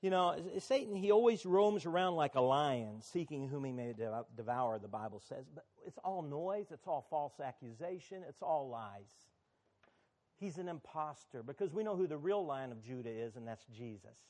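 Pastor guy preaching, chatty then punchy, kinda higher-pitched voice. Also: lively intonation, moderate pace, darkish tone. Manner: conversational preaching, rising to emphatic. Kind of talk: sermon.

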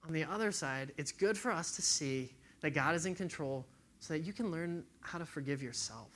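A man's voice: fairly high pitch, normal speed, fairly bright tone. A man giving a casual, conversational sermon to a young group, acting out quotes as he tells a story.

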